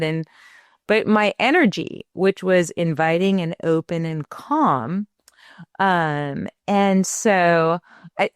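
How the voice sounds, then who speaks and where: A woman's voice: fairly low pitch, clear, resonant tone, no room sound, clean studio sound. A middle-aged woman co-hosting a parenting talk show, speaking reflectively and telling family stories in a conversational way. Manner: reflective, tells stories with animated quoted voices. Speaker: podcast co-host.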